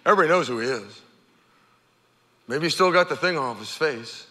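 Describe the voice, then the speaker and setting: Animated preacher with a bright, high voice. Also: male voice, brisk, in a large hall. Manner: animated storytelling, acting out the characters' shouts. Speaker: pastor. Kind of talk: sermon.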